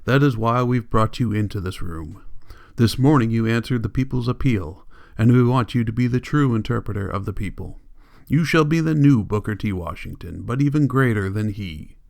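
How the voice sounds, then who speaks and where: A man's voice: medium pitch, animated, moderate pace, vocal fry, a little mellow. A man reading an audiobook, voicing a cold, commanding political leader who lectures in an icy, insistent way. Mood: lecturing.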